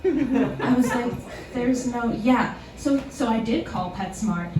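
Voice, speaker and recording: A woman's voice: on the high side, takes it slowly. A young woman doing a live stand-up set in a small club, self-deprecating and chuckling through her punchlines. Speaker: stand-up comedian. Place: small comedy club theater, live audience. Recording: echoey club room, distant, noisy.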